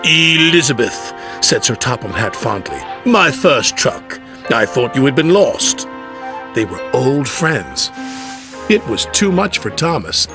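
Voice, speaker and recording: A man narrating a children's railway story. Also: mid-range voice. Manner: lively storytelling. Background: music.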